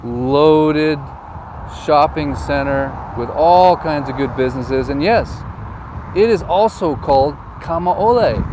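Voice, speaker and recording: A real estate agent vlogger, recording on his phone from a car, jokes and chats his way through a tour, telling anecdotes. He speaks at normal speed in a higher voice with lively intonation. The windy outdoor clip carries wind and traffic noise.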